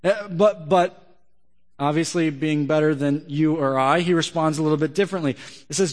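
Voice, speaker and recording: A man's voice: fairly high pitch, moderate pace. A male pastor preaching a sermon in a conversational way, often asking the audience questions. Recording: long reverb of a large hall.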